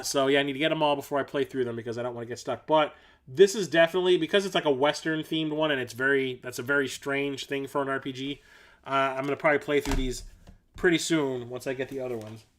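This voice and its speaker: A man with a fairly high, slightly bright voice hosts a casual livestream showing off his game collection. He rambles enthusiastically with fillers and self-corrections, making blunt, casual remarks with mild swearing.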